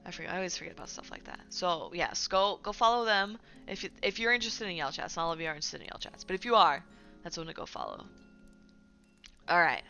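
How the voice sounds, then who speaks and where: A woman streamer chatting casually, rambling with frequent fillers and self-corrections, getting animated and indignant as she recounts community drama. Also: lowish voice, fast, soft background music. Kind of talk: casual livestream chat about community news.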